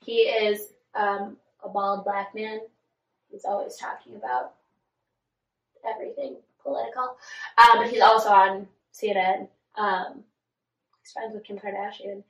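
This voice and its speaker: A woman's voice: mid-range voice, steady tone, a little slow, muffled recording. A woman co-hosting a podcast, chatting casually about celebrity gossip and filling her talk with "like". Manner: chatty, many "like" fillers. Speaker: podcast co-host. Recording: echoey room, far from mic.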